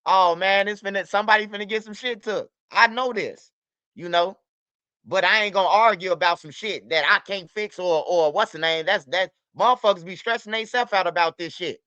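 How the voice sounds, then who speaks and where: Male stream host, high and bright, profane and repetitive; dry, slightly muffled mic. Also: fairly quick, clean tone, no room sound. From United States. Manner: loose, profane, repetitive street talk. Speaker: livestream host. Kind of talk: casual livestream talk.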